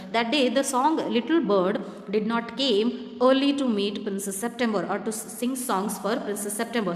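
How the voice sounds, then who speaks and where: A woman teaching an English lesson in Indian English, reading a story aloud and explaining it plainly, spelling difficult words letter by letter. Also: on the high side. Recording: echoey room with long reverb.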